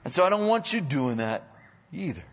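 A man's voice: fairly high pitch, very animated, a little fast, a bit bright. A male pastor preaching a sermon in a church, emphatic and sometimes mockingly sarcastic. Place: church sanctuary. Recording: dull audio with long hall reverb.

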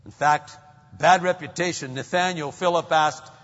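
A man pastor preaching a sermon, acting out quoted voices with sudden pitch jumps. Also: moderate pace, fairly bright tone, in a large hall, muffled recording.

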